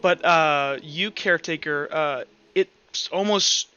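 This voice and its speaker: Bright-voiced man running a tabletop game. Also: a little high, slow. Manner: casual, with fillers and restarts. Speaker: game master. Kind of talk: narrating a tabletop role-play. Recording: dull audio, faint background music.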